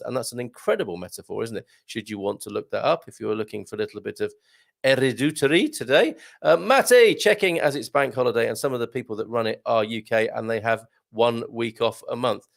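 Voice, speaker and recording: A man's voice: medium pitch, creaky. A middle-aged man hosting a casual livestream chat and reading out viewer comments, chatty and given to laughing. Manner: chatty, animated, laughs often, reads comments aloud.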